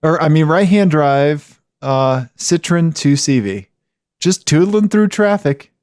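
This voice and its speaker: A man with a high-pitched voice co-hosting a podcast in a casual, chatty way, with frequent yeahs and okays. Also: takes it slowly, dry recording, studio quality. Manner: animated, chatty, frequent back-channel yeahs. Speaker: podcast co-host. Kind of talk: casual chat.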